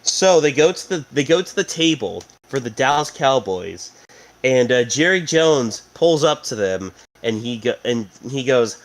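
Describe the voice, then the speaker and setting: A man's voice: medium pitch, lively intonation, unhurried. A young man cohosting a casual sports podcast, joking and rambling with lots of fillers. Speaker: podcast co-host.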